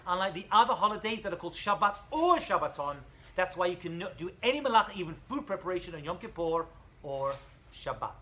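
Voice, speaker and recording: A man's voice: high voice, quick pace, poor audio. A man, a rabbi, giving an informal college class, telling stories animatedly and joking with students. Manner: animated storyteller, acts out dialogue, jokes with students.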